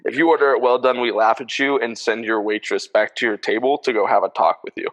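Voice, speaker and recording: A man's voice: mid-range voice, steady tone, fast, a bit bright, rough recording. A young man co-hosting a comedy podcast, riffing emphatically and laughing often. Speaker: podcast co-host. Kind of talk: casual comedic banter.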